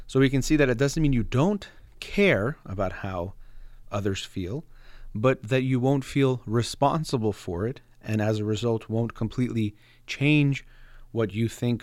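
A man giving a thoughtful, measured explanation of parenting and feelings, trailing off softly at the ends of phrases and pausing with fillers. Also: fairly low pitch, dry recording. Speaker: speaker on parenting and emotions. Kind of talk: reflective explanatory monologue.

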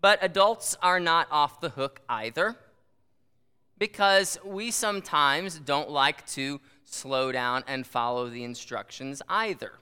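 A man's voice: fairly high pitch, slow, pushed and bright, clean tone, big-room sound. A man preaching a conversational sermon, with frequent asides and rhetorical questions. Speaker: pastor.

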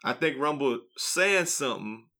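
A man's voice: medium pitch, expressive, normal speed, pushed and bright. A man hosting a podcast, telling loose, slangy stories with easy laughter. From New Iberia, Louisiana. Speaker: podcast host. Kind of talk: casual podcast banter.

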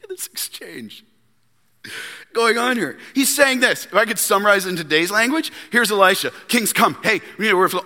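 A man preaching a sermon as pastor, animated and acting out the Bible characters with sarcasm. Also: high voice, moderate pace, long pauses. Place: church sanctuary. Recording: long church hall reverb.

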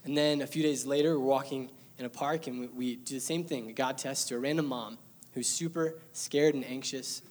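Brief: young man, church testimony, heartfelt and emotional, mid-pitched, everyday delivery. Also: fairly even intonation, brisk, a little mellow. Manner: earnest, emotional storytelling with light laughter. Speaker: church member sharing testimony. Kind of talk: personal testimony to a congregation.

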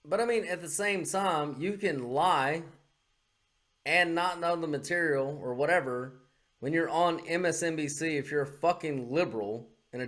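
A man co-hosting a casual podcast, with a voice sitting a little high for a man. He talks bluntly and mockingly, swearing freely as he rants. He is close on a podcast microphone. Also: a bit bright. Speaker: podcast co-host. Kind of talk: casual profane podcast chat.

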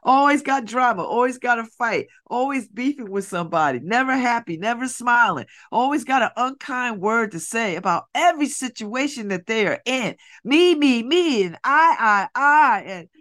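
A middle-aged woman hosting a radio show, talking in an animated, repetitive way with laughing asides. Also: on the high side, unhurried. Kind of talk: casual monologue. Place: radio studio.

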